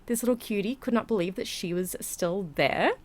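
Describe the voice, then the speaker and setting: A woman's voice: mid-range voice, moderate pace, background noise. Breathless, chatty woman. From Australia. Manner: chatty, rambling, giggly. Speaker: vlogger. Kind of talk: casual voiceover narration. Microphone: home voiceover mic.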